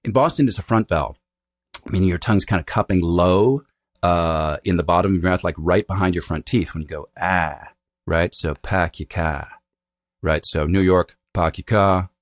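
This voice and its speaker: Low-voiced man explaining accents. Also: a little fast, no room sound. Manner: teacherly, demonstrates vowel sounds, frequent "right?" tags. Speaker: dialect coach. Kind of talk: explanatory interview talk.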